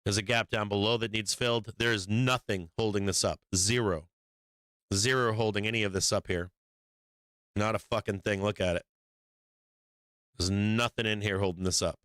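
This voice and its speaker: A hoarse man hosting a live market stream, reading headlines and cursing bluntly about the charts. His voice sits fairly low yet stays clean and resonant. The sound is dry and close, with no room around it. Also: steady tone, moderate pace, long pauses, fairly bright tone, no room sound. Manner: blunt, profane, reads headlines aloud. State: losing his voice. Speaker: stock market livestream host. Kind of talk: casual market commentary with profanity.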